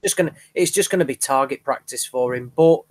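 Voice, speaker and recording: A man in casual podcast chat about boxing, speaking in a measured way with frequent restarts. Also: medium pitch. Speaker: podcast co-host.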